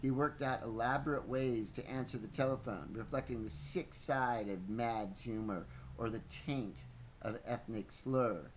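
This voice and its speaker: A man's voice: medium pitch, unhurried, slight background noise, low-quality recording. A man reading a book aloud on a podcast, stumbling now and then and breaking off for playful asides. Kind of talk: live book reading with banter.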